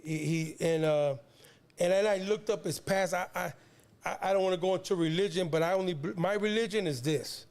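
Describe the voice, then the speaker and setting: A man's voice: sits high, fairly quick, darkish tone. A man in his fifties from San Diego, a rapper guest telling a long personal story in a rambling, slangy way, often repeating words. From San Diego, California. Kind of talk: casual storytelling.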